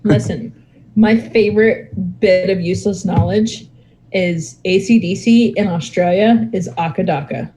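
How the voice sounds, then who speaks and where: A woman hosting a podcast, chatting casually and joking with quick asides. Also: medium pitch, warm tone, slight background noise, poor audio. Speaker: podcast host. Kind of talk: casual chat.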